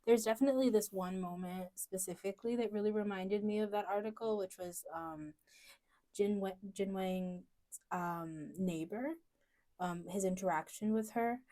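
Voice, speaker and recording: A woman's voice: mid-range voice, normal speed, dark tone. A woman co-hosting a student podcast, talking through ideas in a casual academic discussion, hesitant and full of fillers.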